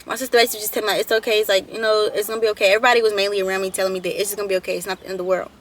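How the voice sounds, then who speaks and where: Bright, chatty teen woman vlogger. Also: mid-range voice, little pitch movement, very fast, slight background noise. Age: late teens. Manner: chatty, addresses viewers as y'all, repeats herself. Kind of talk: storytime vlog.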